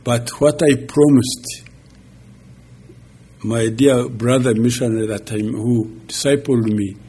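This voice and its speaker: A man in his sixties, a pastor giving a halting, chuckling personal testimony. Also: mid-range voice, steady tone, dark tone, breathy edge. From Uganda. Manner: slow, halting storytelling with chuckles.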